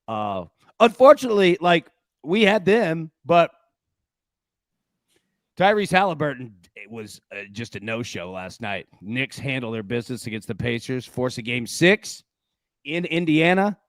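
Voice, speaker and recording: A man hosting a sports betting show, talking in a casual, animated, joking way. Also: mid-range voice, unhurried, no echo.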